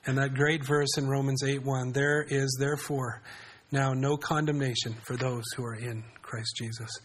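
A man's voice: mid-range voice, level tone, moderate pace. A man preaching a sermon in a conversational way, often asking his congregation questions. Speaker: pastor.

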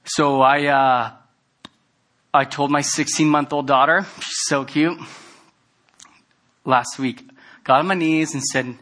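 A man preaching a sermon, talking casually and earnestly, then building to loud, emphatic stretches. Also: fairly high pitch, steady tone, takes it slowly, pauses often. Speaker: pastor.

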